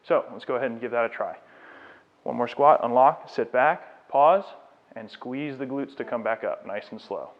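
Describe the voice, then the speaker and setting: A man with a mid-range voice speaking at normal speed works as a fitness trainer, leading a live demonstration lecture and talking a client through exercises. His coaching is encouraging and explanatory; the setting is a fitness studio, and the sound is tinny, like a phone.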